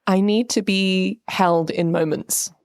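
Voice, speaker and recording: A British woman co-hosting a podcast, talking in an animated, chatty way full of 'like' fillers. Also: medium pitch, slow pace, no echo, clean studio sound. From Britain. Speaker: podcast co-host. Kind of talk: casual chat.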